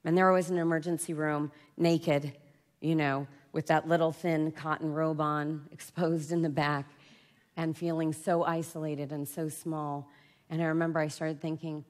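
A woman giving a confessional personal-story talk at a conference, swinging from loud outbursts to hushed near-whispers. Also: deep voice, level tone, moderate pace. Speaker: conference speaker. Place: conference stage before an audience.

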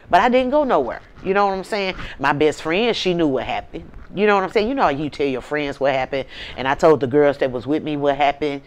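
A woman host telling a personal story in a candid, blunt way, often tagging lines with "you know what I'm saying.". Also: sits low. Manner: blunt, profane and conversational. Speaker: advice channel host.

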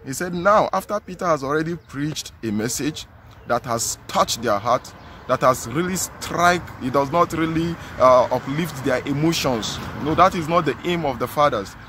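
A man's voice: on the high side, fairly bright tone, a little hiss or hum. A man with a Nigerian English accent preaching a sermon outdoors, earnest and emphatic, repeating his phrases.

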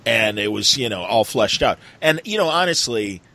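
A man's voice: on the low side, expressive, moderate pace, creaky, bright, forceful tone, poor audio. A man hosting a podcast, chatting casually in a rambling, enthusiastic way with lots of fillers. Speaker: podcast host. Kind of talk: casual chat.

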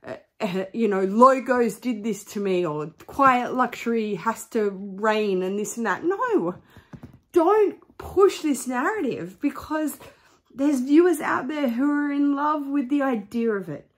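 A woman's voice: on the high side, measured pace, a bit bright. A middle-aged woman vlogging, talking emphatically and getting heated. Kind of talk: candid vlog rant.

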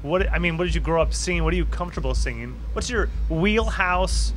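A man co-hosting a podcast, asking relaxed questions and laughing often. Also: a little high, fairly quick, a little hiss or hum. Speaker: podcast co-host. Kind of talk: casual chat.

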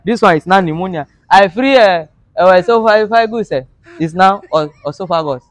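A man's voice: high-pitched, moderate pace, no echo. Mock-outraged comic man. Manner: mock-outraged, pleading, broken English for laughs. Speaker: comedian. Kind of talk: comic monologue to camera.

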